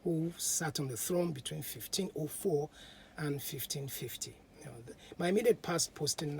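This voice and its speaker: A man's voice: medium pitch, normal speed, slight background noise. A man, a podcast host telling history as a casual story, chatty and dropping to whispers at times.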